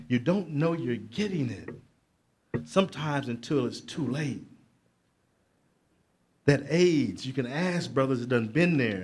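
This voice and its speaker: A middle-aged man, giving a motivational speech to young people at a conference, preacherly and building to loud emphatic peaks with asides to the crowd. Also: medium pitch, husky. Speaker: motivational speaker. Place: conference hall.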